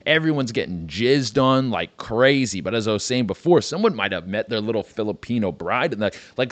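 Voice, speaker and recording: A man's voice: lowish voice, animated, fairly quick, few pauses, dry recording. A man hosting a comedy podcast, riffing in a rambling, profane monologue and saying "dude" a lot.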